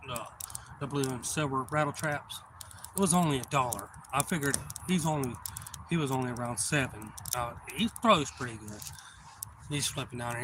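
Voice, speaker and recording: Guy rambling thru a story on his live stream, swears a lot, fillers everywhere, noisy background. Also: medium pitch. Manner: rambling and profane, with many fillers; gets loud and excited when retelling action. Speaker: channel host.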